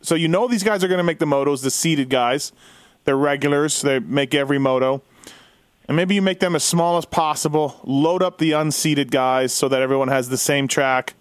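A man's voice: on the high side, dry recording. Rambling man hosting a casual chat. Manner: quick, rambling, thinks aloud. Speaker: podcast host.

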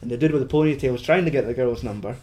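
A man's voice: mid-range voice, racing, warm tone. A man co-hosting a casual film chat, rambling and sweary with lots of fillers. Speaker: podcast co-host.

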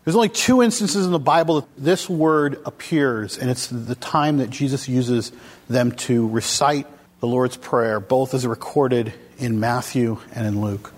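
A man's voice: medium pitch, a little slow. A man preaching a casual, conversational sermon to a congregation, asking them questions as he goes. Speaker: pastor. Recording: long hall reverb.

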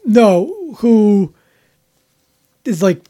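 A man's voice: high-pitched, sing-song, extremely slow, mellow. Rambling, opinionated male podcast host. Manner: rambling, opinionated, self-interrupting. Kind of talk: casual chat.

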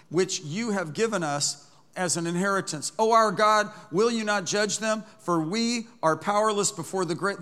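A man with a high, bright voice preaches to his congregation in a church. He reads scripture aloud and builds into emphatic, rising declarations. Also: smooth. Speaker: pastor. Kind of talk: sermon.

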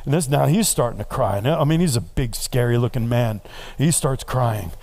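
A man preaching, a pastor telling a story in a relaxed, conversational way and building to earnest prayer. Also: mid-range voice, normal speed. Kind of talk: sermon.

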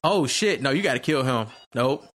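A man's voice: mid-range voice, animated, moderate pace, a bit bright, slight background noise. A man giving casual, laughing movie reaction commentary, swearing and bantering with friends.

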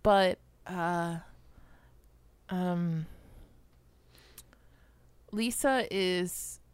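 A woman's voice: lowish voice, extremely slow, smooth, no echo. A woman on a podcast, chatting casually about a TV show, hesitant and apologetic with many fillers.

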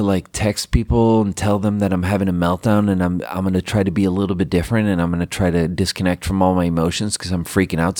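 A man's voice: deep voice, darkish tone. A man telling a long personal story in a casual, rambling way, swearing often and using lots of fillers. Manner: rambling and profane, heavy with fillers.

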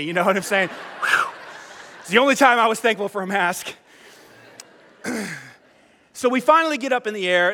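A man, a pastor telling a personal story in a sermon, animated and self-mocking, acting out the dialogue. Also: sits high, big-room sound.

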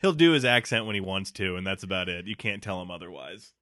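A man with a low, forceful voice talks through a film in casual podcast chat. He is blunt and swears freely, and he laughs at his own jokes. The sound is close and dry. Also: lively intonation, quick pace, dry recording. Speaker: podcast co-host. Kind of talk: casual movie discussion.

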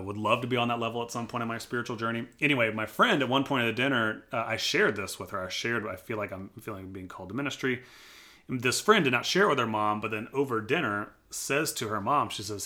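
An earnest male pastor from Colorado shares his testimony, his voice sitting low in pitch. His tone is bright and forceful. He tells his story thoughtfully and lets quoted lines come out with a lively edge. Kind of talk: personal testimony in a church podcast interview.

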